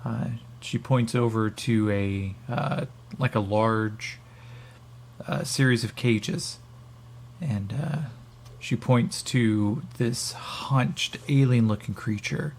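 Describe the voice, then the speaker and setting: A man with a gravelly voice narrating as game master, rambling with many fillers. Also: mid-range voice, slow, slight background noise.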